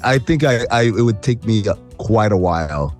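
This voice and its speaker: A man co-hosting a sports podcast, talking in halting, self-correcting bursts with a wry edge. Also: fairly low pitch, lively intonation, darkish tone, faint music behind. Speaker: podcast co-host. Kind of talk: casual sports-talk banter.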